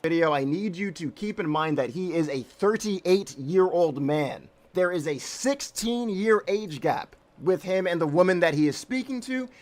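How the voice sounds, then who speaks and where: A man rants in a recorded video, crude and mocking, with heavy sarcasm. His voice sits high for a man. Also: expressive, unhurried, few pauses, a little mellow.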